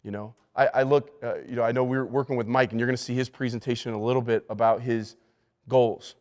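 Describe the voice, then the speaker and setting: A man's mid-range voice, steady in tone and quick in pace, delivers a pastor's leadership lesson to church staff. He hammers key words, speaks emphatically, and keeps restarting sentences, with long hall reverb around him.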